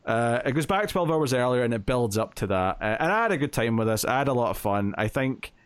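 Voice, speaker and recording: A man of middling pitch chats through a comic book story as a podcast co-host, stringing the plot together with "uh" and "like" and acting out quoted lines in passing. His voice sits close and dry on the mic, with no room sound around it. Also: sing-song, brisk, clear, resonant tone, dry recording. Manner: chatty, retelling plot with quoted lines and filler. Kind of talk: casual comic book review chat.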